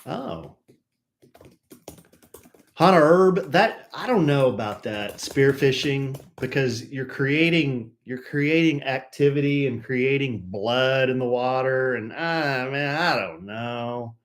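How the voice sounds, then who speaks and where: A man's voice: mid-range voice, slow pace. Joking male live-stream host. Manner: jokey, rambling, greets people by name. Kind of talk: casual chat greeting viewers.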